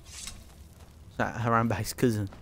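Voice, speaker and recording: A young man streaming a game with friends, swearing, laughing and shouting in excitable outbursts. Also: on the low side, takes it slowly, gravelly, slight background noise. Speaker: gaming streamer. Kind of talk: casual gameplay commentary with friends.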